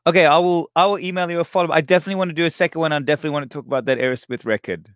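Eager podcast host. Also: male voice, fairly high pitch, very fast, fairly bright tone, no echo, studio quality. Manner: eager, effusive, admiring. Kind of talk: casual interview chat.

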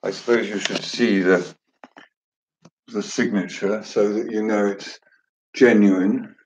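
A man's voice: on the low side, fairly even intonation, slow, a little mellow, a little hiss or hum. A man hosting a casual chat, joking and chatty with theatrical asides. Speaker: host.

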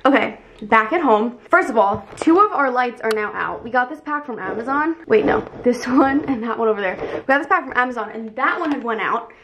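A woman vlogging in a casual, chatty way, bubbly and easily excited as she talks through her shopping and cooking. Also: a little high, brisk, a little hiss or hum. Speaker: lifestyle vlogger. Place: shops, car and home kitchen. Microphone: camera mic, handheld then tripod.

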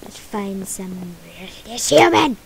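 A woman playing a video game live, excitedly talking to the creatures on screen and crying out when things go wrong. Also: mid-range voice, slow, gravelly. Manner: excitable, talks to game creatures, bursts of cries. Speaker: gamer playing a minigame server. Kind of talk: live gameplay commentary.

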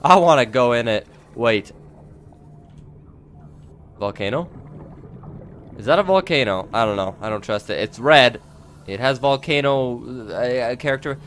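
A man giving let's play commentary, excitable and quick to yelp, talking straight to his viewers. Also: medium pitch, a little hiss or hum. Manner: excitable, yelps and jumpy outbursts, addresses viewers. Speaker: gaming video creator.

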